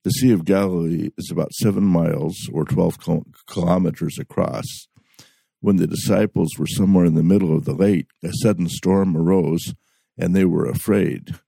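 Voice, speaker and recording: A man's voice: deep voice, steady tone, normal speed, vocal fry, dark tone, slightly rough, no room sound. A man giving a Bible study talk, reading scripture aloud with frequent restarts and fillers. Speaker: Bible teacher.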